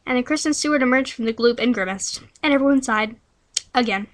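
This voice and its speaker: A woman's voice: on the high side, brisk. A young woman telling a rambling, silly made-up story in a playful, giggly way. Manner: giggly, playful, breaks into song.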